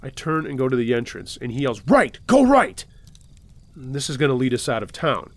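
A man hosting and reading submitted true scary stories aloud, steady, with dry sarcastic asides. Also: medium pitch, fast talker, dry recording. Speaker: host and narrator.

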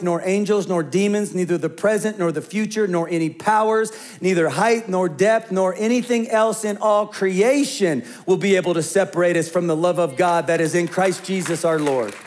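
A middle-aged man delivers a sermon in a relaxed, conversational way, his voice sitting a little high for a man. He moves between plain talk and quieter, hushed storytelling. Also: moderate pace, few pauses. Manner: conversational preaching, dropping to hushed tones for stories. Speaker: pastor.

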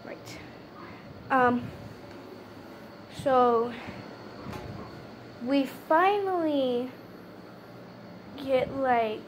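A young woman with a high voice tells a story to the camera in loose, casual chat. She stutters and restarts often, filling gaps with "um" and "like". A faint hiss of room noise sits behind her. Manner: stutters, many fillers and restarts. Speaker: vlogger.

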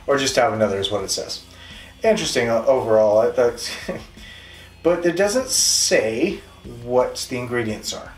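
A man's voice: mid-range voice, lively intonation, unhurried. A man with a Canadian accent hosting a casual beer review, talking in a chatty, rambling, self-deprecating way. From Western Canada. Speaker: beer reviewer, show host. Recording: echoey room, distant mic, faint music.

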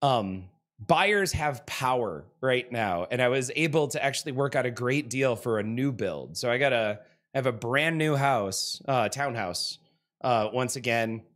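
A man hosting a casual livestream, reading viewer comments aloud, chatty and self-deprecating and quick to laugh. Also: mid-range voice, animated, fairly bright tone. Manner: laughs easily. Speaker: livestream host. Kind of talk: casual stream chat.

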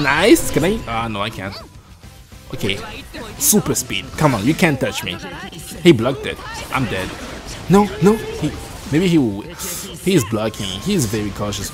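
A man giving live commentary on his own match, excitable and jumpy, talking to himself as he plays. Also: mid-range voice, moderate pace, faint music behind. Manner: excitable, jumpy, talks to himself while playing. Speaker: gameplay streamer.

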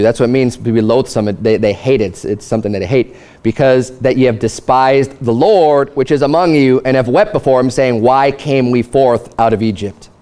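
A pastor delivering a sermon, reading scripture and acting out lively paraphrased dialogue. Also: male voice, medium pitch. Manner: animated preaching with paraphrased dialogue.

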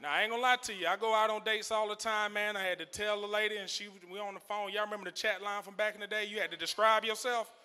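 A man's voice: high-pitched, fairly even intonation, quick pace, hardly any pauses, sharp tone, clear, resonant tone. A male stand-up comedian on a club stage, talking loosely and chuckling through his punchlines. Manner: loose, conversational, trailing punchlines with laughs. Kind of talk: stand-up set.

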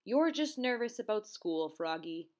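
A woman voicing a calm, reassuring frog mother in a storybook read-aloud. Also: mid-range voice, unhurried. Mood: soothing.

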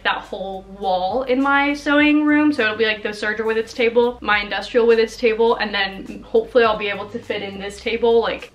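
A woman's voice: on the high side, reverberant, muffled recording. A young woman chatting casually to her vlog viewers in an upbeat way, still a little out of breath after hauling heavy boxes. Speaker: vlogger, small sewing business owner. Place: home and outdoors, moving furniture.

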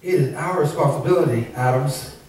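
A man preaching a lively sermon as pastor, shouting, laughing and calling out to the congregation. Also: on the high side, a little fast. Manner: preaching with call-and-response asides. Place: church sanctuary. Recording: very echoey church hall, mic at a distance.

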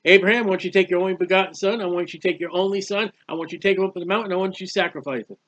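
A preacher voicing God as a patient, stern male deity, measured and speaking down gently as to a pupil. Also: high voice, dull audio. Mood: testing.

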